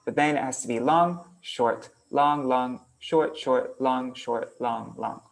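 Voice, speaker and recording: Guy with a gravelly voice teaching a verse meter class, easygoing, talks to himself while working on screen, chants syllable patterns. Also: medium pitch, slow. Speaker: kirtan teacher.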